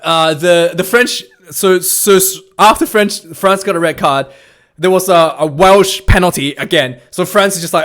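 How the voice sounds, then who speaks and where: A man with a high-pitched, fairly bright voice speaks at normal speed as a fan reviewer recapping a rugby match. His retelling is casual and rambling, full of restarts and fillers, and he laughs along the way.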